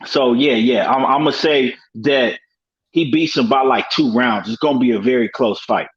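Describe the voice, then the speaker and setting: A man's voice: medium pitch, moderate pace, dull audio. A man on a casual online panel, giving his view hesitantly with many fillers and slangy phrasing. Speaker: panel guest.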